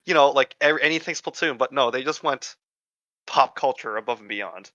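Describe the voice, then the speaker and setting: A man co-hosting a casual gaming podcast, excitable and quick to exclaim. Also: medium pitch, dull audio. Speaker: podcast co-host.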